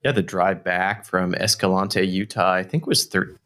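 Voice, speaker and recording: A man's voice: low-pitched, moderate pace, fairly bright tone. A man chatting casually on a podcast in a laid-back way.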